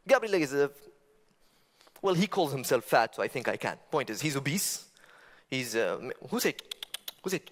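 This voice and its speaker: A man giving a stage talk with stand-up humor, talking conversationally, asking the audience rhetorical questions and making animated asides. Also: fairly high pitch. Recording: long reverb of a large hall.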